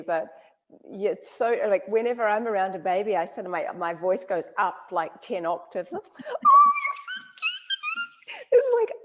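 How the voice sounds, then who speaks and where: A woman with a New Zealand accent hosting an interview, telling lively stories and laughing often. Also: medium pitch. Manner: animated storyteller, laughs often. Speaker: interview host. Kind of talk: casual conversational interview.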